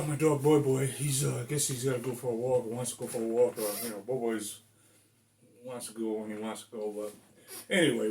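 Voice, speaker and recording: Blunt, profane man in his sixties. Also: medium pitch. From Rhode Island, USA. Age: 60s. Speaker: vlogger. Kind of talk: ranting monologue to camera. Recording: echoey room.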